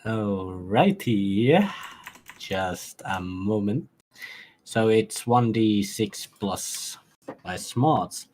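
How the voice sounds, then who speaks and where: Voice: low voice, lively intonation, extremely slow, darkish tone, a little hiss or hum. A player in a tabletop game, describing his moves hesitantly with many fillers. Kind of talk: casual tabletop play.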